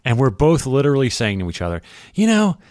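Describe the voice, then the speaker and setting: A man from the area co-hosting a podcast, chatting casually and excitably, acting out voices in his stories. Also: mid-range voice, fast talker, no room sound, clean studio sound. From Philadelphia area. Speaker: podcast co-host. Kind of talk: casual chat.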